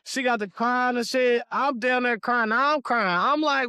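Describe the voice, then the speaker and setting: A man's voice: very high-pitched, normal speed, sharp tone, smooth, no room sound, clean studio sound. A man with a Detroit accent, co-hosting a casual podcast and telling stories in a laid-back way, swearing freely. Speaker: podcast co-host.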